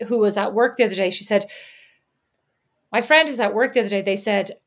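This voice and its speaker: A woman's voice: medium pitch, fairly quick. A woman, co-hosting a podcast and telling stories in casual chat with plenty of asides and fillers. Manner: chatty storyteller with lots of fillers and asides. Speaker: podcast co-host. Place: lives in Indiana.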